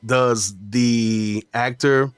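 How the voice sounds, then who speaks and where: Podcast host, man, mid-pitched voice, halting and conversational, dry close sound. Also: fairly even intonation, smooth, no echo, soft background music. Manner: halting, searching for words. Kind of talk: casual interview talk.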